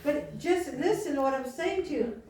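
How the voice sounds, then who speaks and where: High-voiced woman preaching in an echoey hall. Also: lively intonation, a little mellow. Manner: chatty storytelling with slow emphatic lines. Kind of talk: sermon. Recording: echoey hall from far off, faint hiss.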